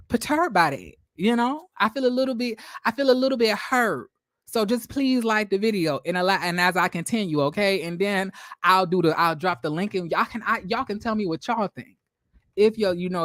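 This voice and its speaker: Animated man recapping a reality show. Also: sits high, no room sound, clean studio sound. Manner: animated, chatty, acts out quotes. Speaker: YouTube commentator.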